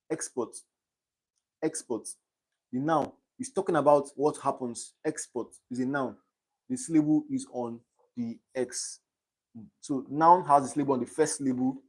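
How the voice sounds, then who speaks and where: A man's voice: mid-range voice, darkish tone. Young man tutoring on a live stream. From Nigeria. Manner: reads quiz options aloud and checks understanding.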